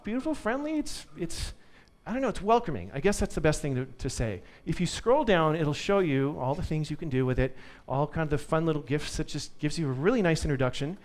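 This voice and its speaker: A man's voice: a little high, a little mellow. A man giving a live conference tech talk to an audience, upbeat and joking. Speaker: conference speaker.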